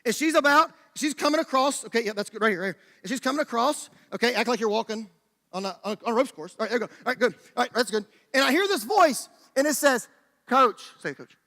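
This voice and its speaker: A man preaching a sermon in a church, telling a personal story in an animated way and directing a volunteer on stage. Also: very high voice, quick pace. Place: church sanctuary. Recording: church hall reverb.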